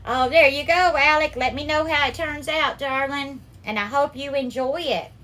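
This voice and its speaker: Sweet-talking woman, slightly high voice. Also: normal speed, bright, forceful tone. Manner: affectionate, greets viewers by name, calls them darling and sweetheart. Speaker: cooking livestream host. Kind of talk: live cooking demo, chatting with viewers.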